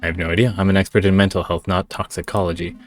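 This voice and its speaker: A man's voice: low-pitched, level tone, rapid-fire, faint music behind, natural voice. A man doing a fussy French doctor. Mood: businesslike. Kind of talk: reading game dialogue aloud.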